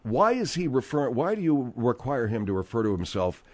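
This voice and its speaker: A man's voice: mid-range voice, big pitch swings, moderate pace. Middle-aged man hosting talk radio. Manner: exasperated, then smooth promo delivery. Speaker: radio talk show host.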